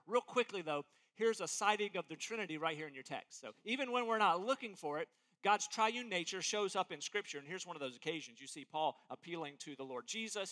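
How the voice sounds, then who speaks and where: Bright, animated male preacher. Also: high voice. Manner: animated, emphatic, acts out quotes. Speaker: pastor. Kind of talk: expository sermon.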